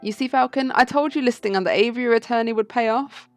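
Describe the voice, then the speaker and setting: A woman voicing an eager male bird assistant in a video game, quick to point things out. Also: a little high, no room sound, faint music behind, natural voice.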